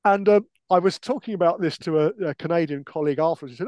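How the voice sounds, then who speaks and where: An older British historian tells stories casually, stumbling over his words and restarting often. His voice sits a little high. The sound is dry and close. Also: quick pace, a little mellow, dry recording. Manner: hesitant, many restarts and fillers. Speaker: historian podcast co-host. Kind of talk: casual anecdotal chat.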